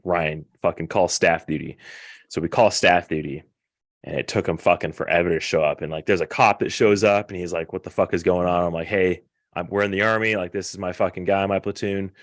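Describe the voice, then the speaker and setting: A very deep-voiced young man spins a rambling story packed with swearing, talking casually like a podcast host. The sound is dry and close, with no room around it. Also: brisk, no echo. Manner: profane, rambling, animated retelling.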